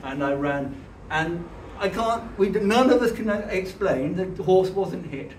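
A man's voice: sits high, lively intonation. Earnest man preaching in an echoey hall. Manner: earnest, halting, with frequent restarts. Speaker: church speaker. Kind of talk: conversational sermon with personal storytelling. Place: church hall. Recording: echoey hall, distant mic, faint hiss.

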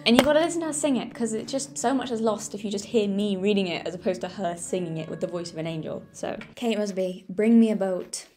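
A woman's voice: medium pitch, quick pace, few pauses, warm tone. A woman with a Yorkshire accent, talking casually and enthusiastically about songs she loves, often correcting herself mid-sentence. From Yorkshire, England. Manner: enthusiastic, rambling with self-corrections. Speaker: presenter. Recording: music playing underneath.

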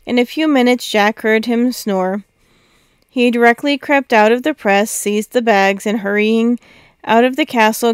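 Female storybook narrator, smooth, dry close sound, mid pitch. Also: no room sound. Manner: steady, expressive narration. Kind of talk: storybook read-aloud.

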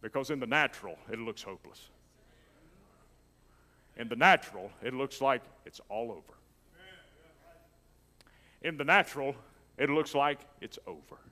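A man's voice: mid-range voice, animated, moderate pace, pauses often, bright, forceful tone. Preaching man in a reverberant church. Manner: preaching with rising intensity, calls to the congregation. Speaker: pastor. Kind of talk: sermon. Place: church sanctuary.

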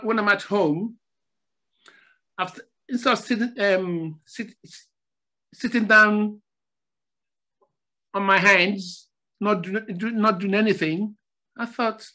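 High, bright-voiced older man telling stories. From Nigeria. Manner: repeats phrases, animated storytelling. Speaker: podcast guest, former footballer. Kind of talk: casual storytelling interview.

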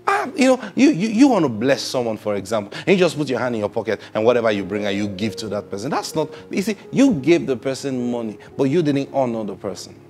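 A male pastor preaching a sermon, swinging between loud emphatic bursts and soft near-whispers. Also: medium pitch, big pitch swings, quick pace, few pauses.

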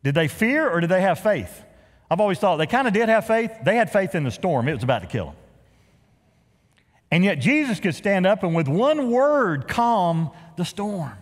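A middle-aged male pastor preaches with a lively, up-and-down delivery, punching some words loudly and dropping others to a hush. His folksy asides have a joking edge. The sound carries the long echo of a large church sanctuary. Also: normal speed. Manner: animated preaching, swings from loud emphasis to hushed lows. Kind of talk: sermon. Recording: reverberant church hall.

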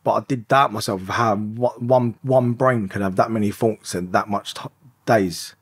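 A man's voice: fairly low pitch, steady tone, normal speed, slightly rough, no echo. A man in his thirties, a podcast guest, telling his story in an emotional, rambling way and swearing often. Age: 30s. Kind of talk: candid confessional storytelling.

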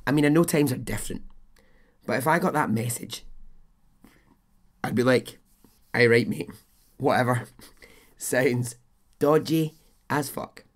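A man's voice: medium pitch, measured pace, pauses often. A man hosting a podcast, telling a true-crime story in a chatty, blunt way, swearing and adding his own asides. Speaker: podcast host.

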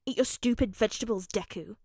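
A woman's voice: medium pitch, brisk, dark tone, slightly rough, no room sound, clean studio sound. A woman voicing a stubborn, bossy little boy who grumbles and calls others stupid, in a fanfic audiobook reading. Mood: grumpy. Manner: blunt, grumbling, insult-prone.

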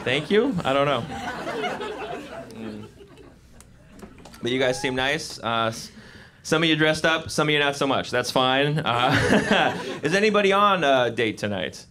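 A young man performing a live stand-up comedy set on a club stage, animated and slipping into voices for his bits. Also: mid-range voice, unhurried, long pauses, some chatter behind. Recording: live club recording with audience noise. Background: audience laughter.

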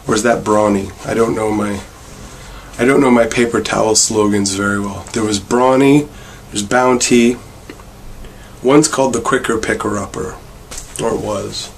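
A man vlogging a rambling comic monologue with wry, meandering deadpan asides. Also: on the low side, normal speed, pauses often, a little hiss or hum. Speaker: vlogger and bar worker.

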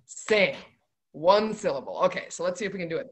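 A woman's voice: lowish voice, expressive, brisk. A woman leading a children's library storytime, playful and bouncy, chanting rhymes with kids.

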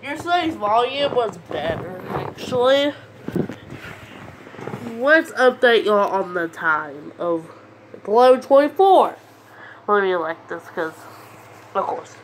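A woman's voice: mid-range voice, sing-song, slow pace, long pauses, slight background noise. A woman vlogging in a casual, rambling way, giggling often as she reads out comments. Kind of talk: casual vlog chat, reading out comments.

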